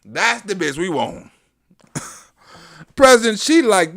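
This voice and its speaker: A man hosting a comedic reaction show, talking loud and profane, mocking and laughing often. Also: fairly high pitch, very animated, normal speed. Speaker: host.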